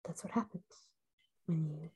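A woman playing a young man in a tabletop game, halting and self-deprecating. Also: sits low, mellow, breathy edge. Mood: dejected.

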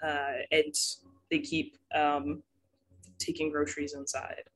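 A woman's voice: deep voice, completely flat delivery, takes it slowly. A woman acting as game master of a tabletop game, narrating casually with many fillers.

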